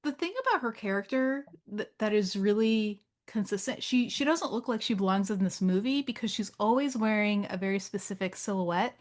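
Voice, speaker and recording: A woman co-hosting a podcast in casual chat. She recaps a film plot with animated storytelling and laughs easily. Her voice sits at a middle pitch. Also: fairly quick, few pauses. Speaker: podcast co-host.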